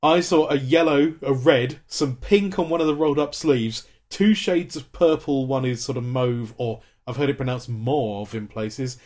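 A man from Britain co-hosting a podcast in casual chat, jokey, with quick asides and a lot of laughter. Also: medium pitch, darkish tone. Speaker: podcast co-host.

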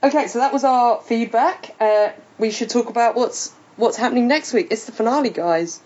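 A woman's voice: fairly high pitch, moderate pace, a little mellow. Chatty woman podcast host, muffled audio. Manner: chatty, laughs often, thinks aloud with fillers. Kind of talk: casual podcast chat.

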